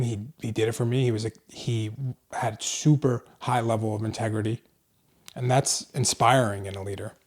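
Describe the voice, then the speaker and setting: A man's voice: mid-range voice, a little mellow. A man hosting his own podcast, speaking casually and earnestly about leadership, with the odd swear word. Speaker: podcast host, clinic owner. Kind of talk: casual solo podcast monologue.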